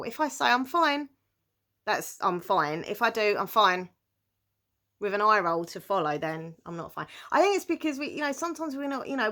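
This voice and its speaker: A woman's voice: mid-range voice, a bit bright. A young British woman chatting casually to camera as she answers viewer questions, giggling often and speaking with many fillers. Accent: British English.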